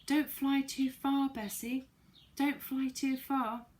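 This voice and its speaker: An impulsive young storybook girl, played by a woman reader. The voice is bright and girlish, lifted well above the reader's own. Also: high voice, unhurried, pitched above the performer's own voice.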